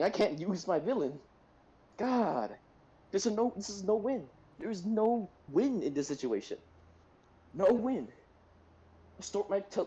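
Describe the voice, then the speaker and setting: A man in a casual tabletop game session, venting loudly and emotionally with plenty of swearing. His pitch rises and falls in wide, lively swings as he rants. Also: rough recording. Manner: emotional, profane, ranting. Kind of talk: casual chat.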